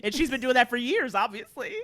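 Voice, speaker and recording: A woman's voice: fairly high pitch, expressive, brisk, fairly bright tone. A woman comedian from Harlem in casual comedic chat, telling stories animatedly and acting out the lines she quotes. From Harlem, New York. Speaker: comedian guest.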